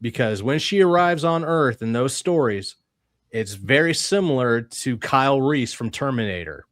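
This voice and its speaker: A man's voice: medium pitch, expressive, normal speed, dry recording. A man hosting a casual comic-book discussion who argues his points and teases his friends. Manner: argumentative, teasing. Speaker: podcast host.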